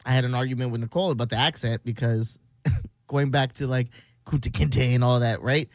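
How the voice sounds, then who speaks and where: A man's voice: medium pitch, steady tone, fairly quick, no echo. A man hosting a radio show, rambling through a family story in a casual on-air chat and laughing as he talks. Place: radio studio.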